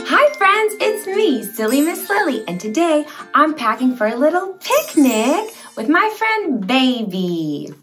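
A young woman presents a toddler learning video, talking slowly in a playful sing-song way and making silly animal sounds. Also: high voice, big pitch swings, over music. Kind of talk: teaching toddlers.

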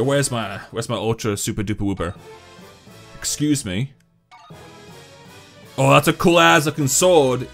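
A young man giving casual, excitable commentary over a mobile game, breaking into loud high-pitched outbursts. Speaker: gaming YouTuber.

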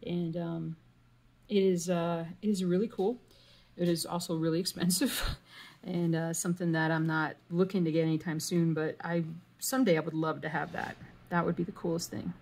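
A woman's voice: lowish voice, fairly even intonation, moderate pace, creaky, a little mellow, slight background noise. A woman vlogging casually as she cross stitches, rambling and thinking aloud, humming and muttering to herself. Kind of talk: casual chat while stitching.

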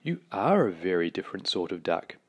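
A man voicing a calm elderly woman who speaks in a soft, dry, deadpan way. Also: low-pitched, brisk, breathy edge, heavily acted. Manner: dry, deadpan, softly spoken.

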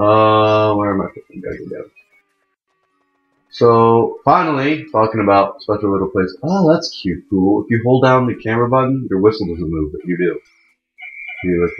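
A young man of about eighteen hosting a let's play, giving chatty, rambling commentary that keeps correcting itself. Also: on the low side. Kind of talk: casual gameplay commentary. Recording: muffled mic in a wrong jack, echoey room. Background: faint game music.

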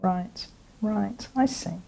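A woman's voice: mid-range voice, slow pace, creaky, dark tone. A woman interviewing a colleague, asking short, attentive follow-up questions. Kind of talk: conversational interview.

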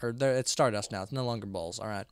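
A man's voice: lowish voice, quick pace, very noisy. Sleepy rambling man streaming a game. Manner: rambling, self-talking, sleepy with yawns. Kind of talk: casual live game commentary.

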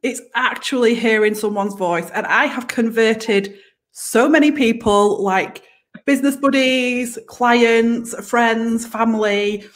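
A woman from northern England, a business coach guest in a casual chat, emotional and animated, laughing easily. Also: a little high, takes it slowly.

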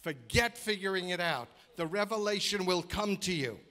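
A man preaches a sermon in a church, his voice sitting a little higher than most men's. He drives his points home by repeating phrases in rhythmic lists and keeps turning to the congregation with questions. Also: animated, normal speed, sharp tone. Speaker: guest preacher. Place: church sanctuary.

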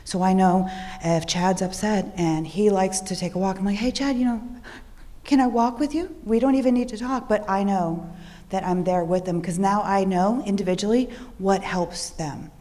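A woman speaking as a social worker on a panel, in a calm, soft, steady voice. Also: medium pitch, normal speed, in a large hall. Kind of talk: panel talk.

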